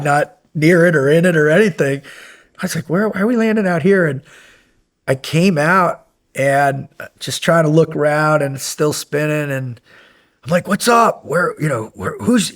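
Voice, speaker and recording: A man guest recounting a story in casual conversation, animated and acting out remembered dialogue with laughs along the way. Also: a little high. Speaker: guest, former special operations medic.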